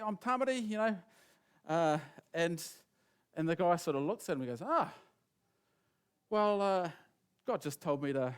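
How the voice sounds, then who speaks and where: A man preaching, telling a long, rambling anecdote and acting out the voices of the people in it. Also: mid-range voice. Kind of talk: sermon storytelling.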